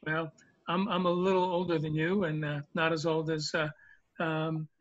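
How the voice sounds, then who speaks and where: A man's voice: a little high, little pitch movement, moderate pace, fairly bright tone, lo-fi sound. A man in his seventies telling the joke of the day in a folksy, rambling way, with lots of ums and uhs. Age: 70s. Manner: folksy, rambling, with many fillers. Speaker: regular joke teller. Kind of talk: storytelling a joke.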